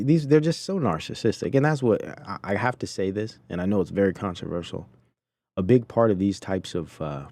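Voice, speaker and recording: A podcast host with a low-pitched, mellow voice reacts to video clips with indignant, preachy commentary while also talking to his chat.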